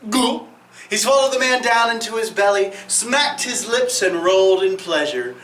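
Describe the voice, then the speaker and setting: A man narrating a children's story in a playful, animated read-aloud style, adding rhythm and sound effects. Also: high-pitched, moderate pace, slight background noise. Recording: roomy echo from a distant mic.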